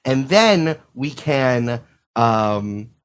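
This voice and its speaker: A man's voice: mid-range voice, lively intonation, very slow, clean tone. Rambling, jokey podcast host man. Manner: rambling, jokey, swearing freely. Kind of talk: casual podcast chat. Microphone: remote call microphone.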